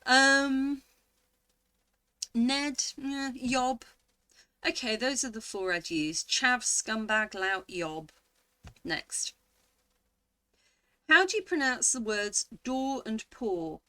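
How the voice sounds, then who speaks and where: A woman's voice: mid-range voice, expressive, slow pace, pushed and bright, no echo. A woman in her forties, a vlogger chatting casually as she reads quiz options aloud and muses over each word.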